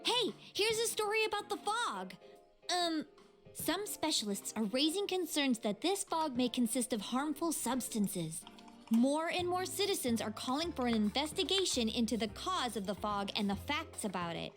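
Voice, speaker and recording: A woman voicing a spunky, outspoken teenage girl in an English video game dub, chatty and energetic. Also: high voice, normal speed, soft background music.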